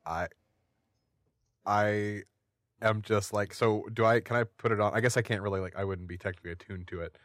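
A man's voice: lowish voice, steady tone, normal speed, fairly bright tone, no echo, studio quality. Polite, hesitant man playing a tabletop game. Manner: polite, hesitant and full of restarts. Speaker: player. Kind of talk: in-character tabletop role-play.

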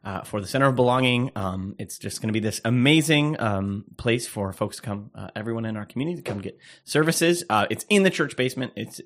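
A man co-hosting a casual chat podcast, eager and rambling, with lots of fillers and quick laughs. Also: fairly low pitch, fairly bright tone. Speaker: podcast co-host and pastor.

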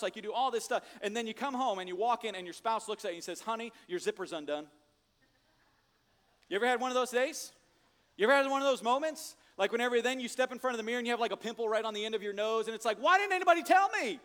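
A male pastor preaching a sermon, animated and conversational, swinging from loud jokes to hushed emphasis. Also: extremely high pitch, big-room sound.

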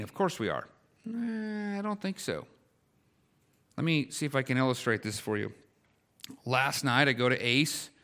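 A middle-aged man preaching a sermon in a bright, forceful voice pitched a little above the usual. He talks to the congregation like a conversation, then pushes hard with emphatic, rising questions. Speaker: pastor.

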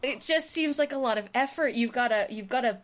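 A woman's voice: a little high, brisk, slight background noise. A young American woman co-hosting a podcast over a video call, chatting casually and full of "like"s. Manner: animated, giggly, lots of likes. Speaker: podcast co-host. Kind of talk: casual chat.

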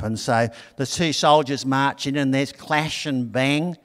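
A man's voice: medium pitch, measured pace, few pauses, big-room sound. A middle-aged man preaching a sermon in a conversational, storytelling way. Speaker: pastor.

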